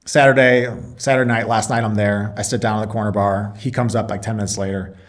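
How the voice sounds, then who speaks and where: Animated man telling a story. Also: lowish voice, fast. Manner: animated storyteller who acts out both sides of a dialogue. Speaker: podcast guest, business owner and Marine reservist. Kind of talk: casual storytelling interview.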